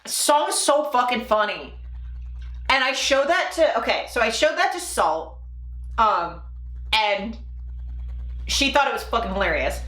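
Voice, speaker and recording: A woman's voice: a little high, lively intonation, a little slow, long pauses, a bit bright. A young woman streaming live, telling rambling stories in a casual, profane and giggly way. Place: home room. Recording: echoey room.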